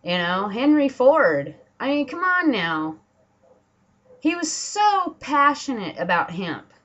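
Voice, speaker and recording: A woman's voice: sits high, big pitch swings, slow pace, fairly bright tone, highs cut off. A woman from Washington State delivering an angry, profane political rant at home, with sarcastic mock quotes. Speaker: political vlogger. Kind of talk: angry ranting monologue. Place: home, dogs barking nearby.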